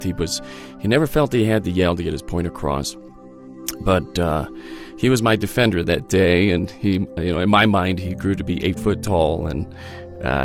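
A man telling a fond, earnest story about his father. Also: low voice. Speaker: guest sharing a memory. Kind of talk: reflective storytelling.

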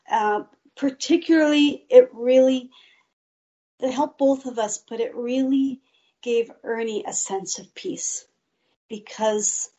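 A woman's voice: a little high, warm tone, highs cut off. A woman guest earnestly telling a personal faith testimony in an interview. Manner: slow, earnest storytelling.

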